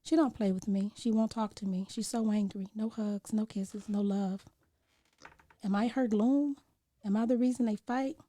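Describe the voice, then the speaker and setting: A woman's voice: mid-range voice, steady tone, normal speed, warm tone. A woman on a podcast reciting a spoken-word poem in an earnest voice that sinks at times into near whispers. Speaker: podcast guest.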